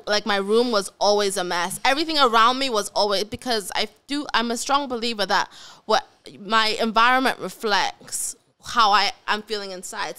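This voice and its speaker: A woman's voice: fairly high pitch, sharp tone, smooth. A woman guest on a podcast, chatting casually and playfully and laughing often. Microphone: studio microphone, headphones.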